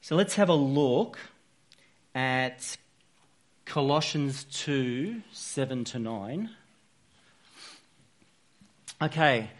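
An earnest man preaches in a loose, conversational way, circling back and restarting his sentences as he goes. His pitch sits right in the middle for a man, neither deep nor high. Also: animated, takes it slowly. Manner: earnest, conversational, with frequent restarts and "you know". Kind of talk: informal sermon.

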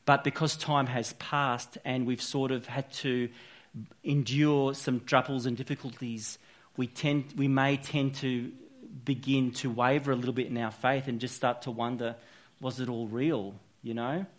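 A man's voice: medium pitch, flat delivery, a little slow. A man giving an informal, earnest sermon, talking conversationally with frequent restarts and fillers. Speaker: preacher.

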